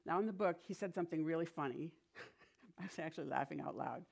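A woman's voice: sits low, brisk, vocal fry, husky. Woman preaching in a chatty way. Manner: chatty, animated storytelling with asides. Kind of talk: sermon.

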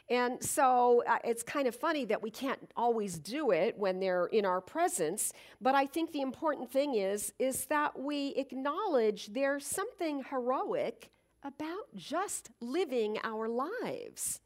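A middle-aged woman speaks in an earnest, reflective way, as if sharing a lesson with an audience. Her voice sits a little high and moves through a wide, lively range. She pauses with fillers and restarts her sentences as she thinks. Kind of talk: inspirational talk.

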